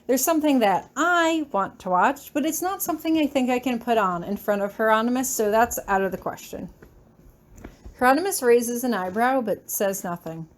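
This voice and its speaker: A woman reading first-person fan fiction aloud in a lively, chatty, expressive way. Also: fairly high pitch, moderate pace. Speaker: reader.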